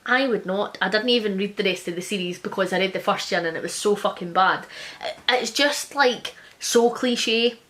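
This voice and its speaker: A blunt, sarcastic, sweary woman reviews books in a casual vlog, speaking at a medium pitch. When she reads quoted reviews, she does so quickly and quietly.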